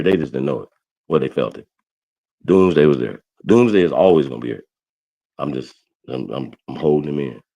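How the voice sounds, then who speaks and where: Deep-voiced man ranting loudly. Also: creaky. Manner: loud, ranting, repeats himself, swears a lot. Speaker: livestream roast host. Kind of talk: heated profane livestream rant.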